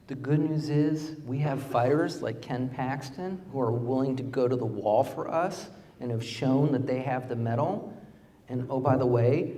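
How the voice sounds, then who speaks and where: A middle-aged man giving a campaign speech at a fundraiser, impassioned, rising to emphatic peaks and dropping low and quiet. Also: distant mic. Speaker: political candidate. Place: fundraiser event venue.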